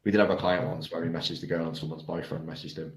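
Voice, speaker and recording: A man's voice: rumbling low, fairly even intonation, rapid-fire. A man speaking as a guest in a casual interview, blunt, frank and sweary. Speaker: guest, online coaching business owner. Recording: roomy echo.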